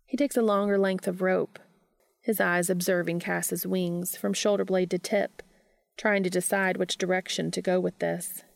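Low gravelly woman narrator. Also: flat delivery, normal speed, no echo. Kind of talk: scripted audiobook narration.

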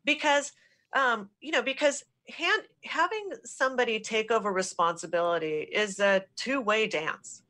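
A woman's voice: a little high, animated, sharp tone. A woman executive consultant answering questions in a business podcast interview, explaining in an affirming way. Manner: affirming, explanatory, quick repeated yeses.

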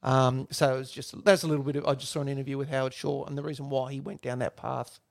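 A man co-hosting a casual film podcast, chatty and quick to laugh as he retells behind-the-scenes stories. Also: medium pitch, level tone, gravelly. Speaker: podcast co-host.

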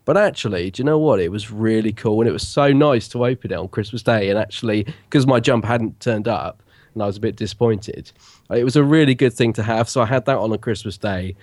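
A man's voice: on the low side, fast, darkish tone, no echo. A man co-hosting a podcast in casual chat, his voice nasal and stuffed-up from a cold, telling rambling stories. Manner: chatty, rambling storyteller. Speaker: podcast co-host.

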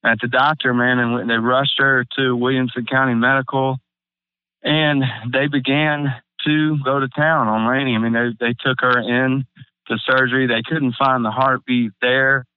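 Young guy, halting and near tears, smooth voice, tinny phone-like line. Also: mid-range voice, little pitch movement, no echo. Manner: halting, many restarts and fillers, near tears. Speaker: guest. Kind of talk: emotional personal storytelling. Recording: phone-like narrow band, dry.

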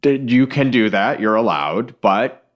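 A man's voice: on the low side, animated, unhurried. A man co-hosting a podcast in casual chat, loose and profane, often restarting his sentences. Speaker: podcast co-host.

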